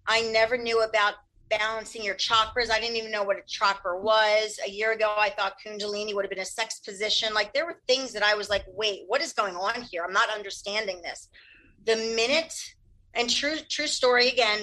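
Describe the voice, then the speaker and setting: Animated woman healer, quick candid delivery, ringing bright tone. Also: mid-range voice, poor audio. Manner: fast, animated, laughs often. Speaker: Reiki practitioner. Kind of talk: candid interview answers.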